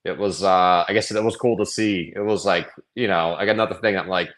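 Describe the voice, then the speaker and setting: Low-voiced man rambling in casual chat. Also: steady tone, a little fast, fairly bright tone. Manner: rambling, hesitant telling. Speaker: cranberry grower, guest.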